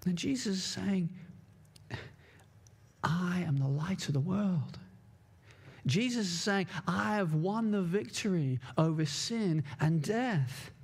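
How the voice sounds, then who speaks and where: Earnest high-voiced male preacher. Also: lively intonation, slow, pauses often, breathy edge. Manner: earnest, emphatic, repeats key words. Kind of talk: sermon.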